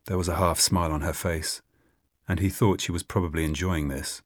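A man narrating an audiobook in an expressive reading. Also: low voice, a little fast, dry recording. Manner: expressive, voices many characters.

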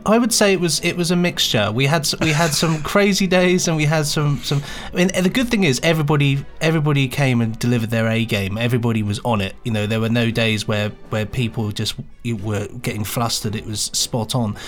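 A man's voice: medium pitch, fairly even intonation, fairly quick, few pauses, faint music behind. A man co-hosting a podcast and recalling studio sessions as the engineer, talking in a chatty way with many restarts. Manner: chatty, stumbling restarts, laughs easily. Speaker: podcast co-host and sound engineer. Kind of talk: casual chat.

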